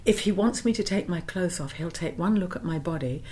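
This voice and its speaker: This woman from London, England speaks at a fairly quick clip in a fairly low register. She's an actress swapping anecdotes in a relaxed interview, animatedly performing each quoted line.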